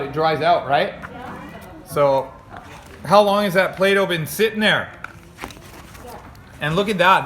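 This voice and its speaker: A North American man with a high-pitched, sharp voice reads a children's storybook aloud in a playful way, chatting, joking, doing the sound effects and commenting along the way. A faint hiss or hum is audible.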